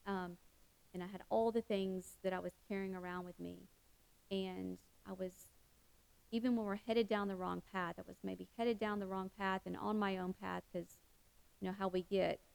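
Earnest woman with a gravelly edge. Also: medium pitch, fairly even intonation, normal speed, a little mellow, low-quality recording. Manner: earnest, heartfelt, many fillers and restarts. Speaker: Christian speaker. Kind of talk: faith devotional talk.

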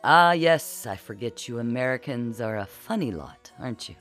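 A narrator voicing a sly, scheming male spy who talks low and conspiratorially in an audiobook. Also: expressive, normal speed, fairly bright tone, faint music behind, close to an everyday voice. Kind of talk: audiobook character voice.

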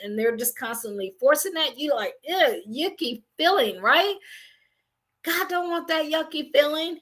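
Energetic high-voiced woman faith coach. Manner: energetic, preachy, casual slang. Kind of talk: motivational faith talk.

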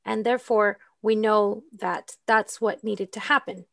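Woman, English teacher, mid-pitched voice, dry close sound, fluent with ums. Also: steady tone, measured pace, creaky, fairly bright tone, no room sound. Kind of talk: casual explanatory chat.

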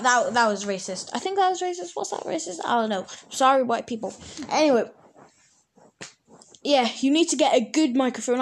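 A casual solo podcast host, a woman with a fairly high voice. She rambles in loose, chatty sentences and keeps stopping to restart or fix what she has just said. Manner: rambling, self-correcting, chatty.

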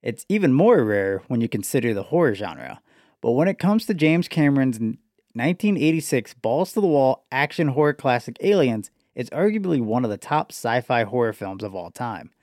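A man's voice: mid-range voice, normal speed. A man with a mid-range voice co-hosts a podcast, easygoing and full of fillers, sometimes reading from prepared notes. The sound is close and dry, with no room echo. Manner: relaxed, filler-heavy, reads prepared notes. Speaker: podcast co-host. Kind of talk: casual chat and read synopsis.

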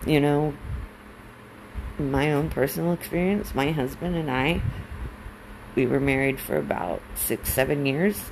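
In this candid personal monologue, a military spouse in her forties speaks emotionally about her life, blunt and profane when angered. Her low, slightly mellow voice is animated but measured, with frequent pauses. The audio is poor, carrying a little hiss or hum.

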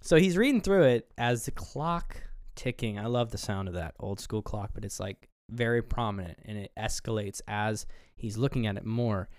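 A man's voice: fairly low pitch, moderate pace, hardly any pauses, a little mellow, no room sound. Dry-sounding man retelling a film. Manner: rambling scene-by-scene retelling, swears freely. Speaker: podcast co-host. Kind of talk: casual film review chat.

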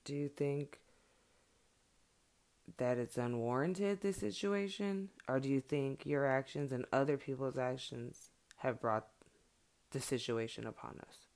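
Blunt, gravelly-voiced woman venting. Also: a bass voice, measured pace, darkish tone. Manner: blunt, heated, profane. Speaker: mother sharing her views. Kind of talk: candid monologue to viewers.

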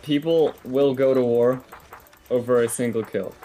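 A woman chatting calmly and matter-of-factly while playing a game on a podcast. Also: a bass voice, a little slow, a little hiss or hum. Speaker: gamer on a podcast. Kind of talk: casual chat while playing.

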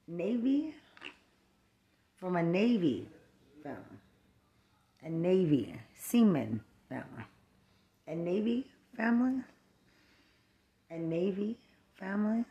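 A woman with a low voice delivers a furious, profane rant. She spits the same insults again and again in a slow, deliberate drag, lurching between shouting and low muttering.

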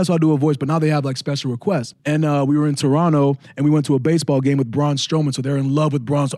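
A man's voice: a little high, little pitch movement, quick pace, few pauses, mellow, no room sound. Playful man telling stories, dry sound. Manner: playful, laughing, slips into silly voices. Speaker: podcast co-host. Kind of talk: casual chat, storytelling.

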